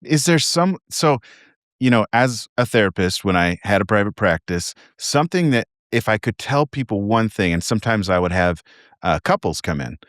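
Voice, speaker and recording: A calm, reflective man hosting a podcast conversation, talking with a former therapist's ease. His voice sits on the low side for a man. The close studio mic sounds dry and intimate. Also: moderate pace, no room sound.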